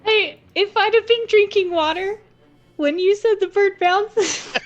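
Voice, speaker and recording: A woman's voice: extremely high pitch, takes it slowly, lo-fi sound. A woman chatting and giggling as a player at a tabletop game. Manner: giggly, animated. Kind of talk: casual chat at a game table.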